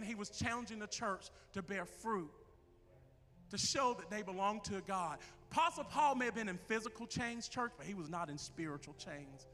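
A man preaching a passionate sermon to his church as its minister, at times shouting. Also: very high voice, long reverb tail. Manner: impassioned preaching, rising to shouts. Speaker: pastor. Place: church sanctuary.

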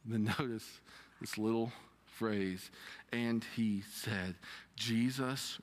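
A man preaching a sermon, reading scripture and retelling it with expressive rises and drops. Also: extremely slow. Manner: expressive preaching with dramatic pitch swings when quoting scripture. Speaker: pastor.

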